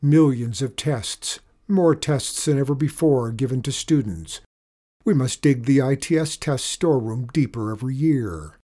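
Gruff official colonel, clipped military talk, storybook, husky man's voice. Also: medium pitch, normal speed, dark tone, close to an everyday voice. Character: deep, official male army colonel, secretive.

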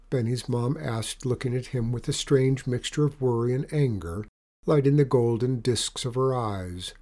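A man reading a children's story aloud in a calm, even narration. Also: medium pitch, moderate pace.

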